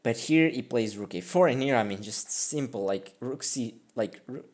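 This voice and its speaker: Man, casual game commentary, rambling, self-deprecating, lots of fillers, mid-pitched voice. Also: lively intonation, moderate pace, a little mellow. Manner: rambling and self-mocking, full of "like" and "I mean". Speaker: chess streamer reviewing his own game.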